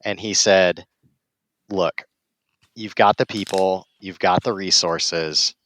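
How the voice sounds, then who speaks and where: A man's voice: deep voice, fairly even intonation, takes it slowly, a bit bright. A man who is a guest on a podcast, telling a story in an easygoing, reflective way. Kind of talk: casual chat.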